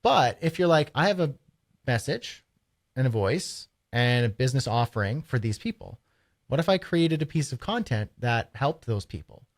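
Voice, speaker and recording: A man with a Canadian accent, co-hosting a podcast in casual chat and talking in animated bursts. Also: mid-range voice, normal speed. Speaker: podcast co-host.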